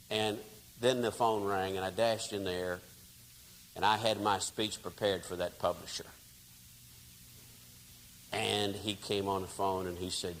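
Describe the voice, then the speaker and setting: A man from Texas preaching a storytelling sermon in a folksy, conversational way, dropping soft and then rising loud. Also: on the low side. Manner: folksy, conversational, dramatic shifts in loudness. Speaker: pastor. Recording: reverberant hall, faint hiss.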